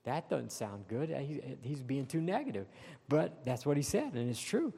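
A man preaching a sermon in a church, stressing key phrases slowly and building to emphatic peaks. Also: mid-range voice, sing-song, creaky, warm tone, breathy edge. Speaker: pastor. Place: church sanctuary. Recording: long reverb in a large hall.

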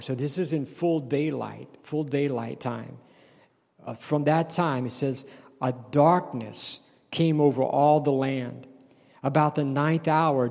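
A man delivers a sermon in a gravelly, warm voice. He reads a passage, then breaks it down with restarts and an occasional "Amen?" His voice carries a long reverb tail from the hall. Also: medium pitch. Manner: reads scripture aloud then explains it, with restarts and calls of "Amen?". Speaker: pastor.

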